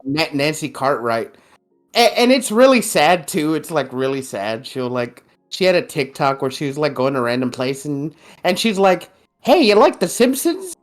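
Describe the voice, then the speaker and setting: A podcast co-host in casual chat, lively, with stammering restarts and frequent swearing. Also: mid-range voice, normal speed, soft background music.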